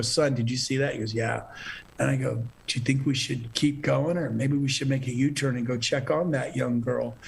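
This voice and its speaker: A man's voice: on the high side, vocal fry, slight background noise. A middle-aged man speaking as a podcast guest, talking with urgent, motivational energy. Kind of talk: animated interview talk.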